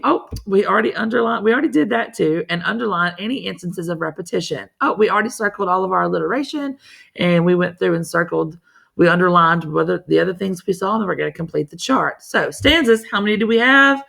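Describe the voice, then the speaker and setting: A woman's voice: lowish voice, fast talker, vocal fry, a bit bright. A woman teacher walking students through a poem in a recorded lesson, chatty and encouraging, talking to them directly.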